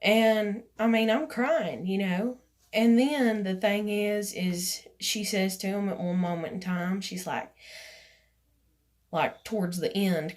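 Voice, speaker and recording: A woman's voice: mid-range voice, measured pace, darkish tone. A woman, casually telling a personal story in a rambling vlog, full of "you know" and "like", acting out what others said. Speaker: vlogger.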